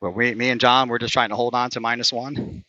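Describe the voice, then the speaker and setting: A man's voice: mid-range voice, fairly even intonation, a little fast, bright, forceful tone, dull audio. A man playing a round of mini golf outdoors, commentating it live and getting frustrated and competitive over bad shots. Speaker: player commentating his own round. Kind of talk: casual play-by-play while playing.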